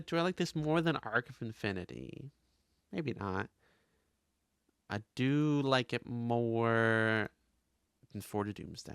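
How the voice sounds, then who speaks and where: A man hosting a casual podcast, recapping with animated delivery and quick asides. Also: medium pitch, clear, resonant tone, dry recording, studio quality. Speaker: podcast host.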